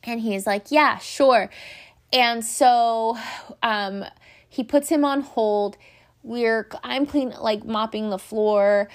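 A young woman tells a story to her viewers in a loose, chatty way. Her voice sits a little high, and her talk is full of "like" and "um". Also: slow pace. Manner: chatty, animated, many fillers like "like" and "um". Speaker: vlogger. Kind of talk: casual storytelling.

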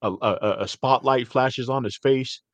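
A middle-aged podcast host chats casually at normal speed, rambling through animated stories and sprinkling in "man" and "dude." He has a mid-range voice, and there's no room sound.

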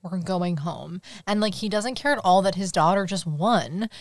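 A young woman co-hosting a podcast, chatting enthusiastically about a movie and chiming in with quick agreement. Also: mid-range voice, no room sound. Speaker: podcast co-host. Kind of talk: casual movie recap chat.

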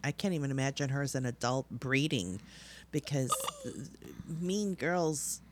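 A woman in casual chat, telling animated stories full of swearing and putting on voices when she quotes people. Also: very deep voice, measured pace, noisy background. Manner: animated storyteller, swears freely, puts on voices when quoting others; laughs often.

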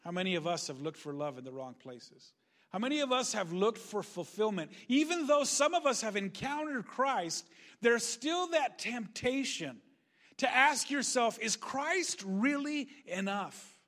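A male pastor preaching a sermon, animated, acting out quoted voices and shifting between loud and quiet. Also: high voice. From Northern California.

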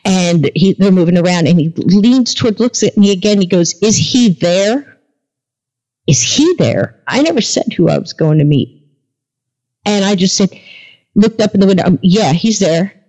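A woman's voice: medium pitch, normal speed, warm tone. A woman guest on a podcast, telling a story in a casual interview and acting out the dialogue as she goes. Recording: dull lo-fi recording.

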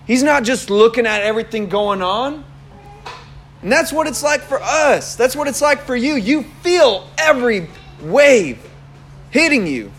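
High-voiced young man preaching casually. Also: a little slow, slight background noise. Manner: conversational, animated storytelling with laughs. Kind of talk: casual sermon.

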